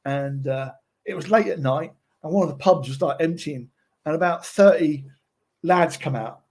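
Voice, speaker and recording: Husky, chatty man. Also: a little high, moderate pace, darkish tone. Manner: chatty, keeps checking in with listeners. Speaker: presenter. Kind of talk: casual tutorial talk.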